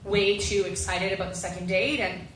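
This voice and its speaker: A woman's voice: mid-range voice, steady tone, moderate pace, echoey room, far from the mic, background noise. A young woman performing a chatty, self-deprecating stand-up comedy set and acting out the voices she quotes.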